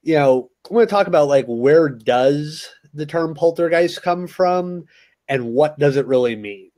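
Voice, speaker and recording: A man's voice: fairly high pitch, unhurried, darkish tone. A man co-hosting a casual podcast, explaining things steadily with lots of "you know" fillers. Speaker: co-host.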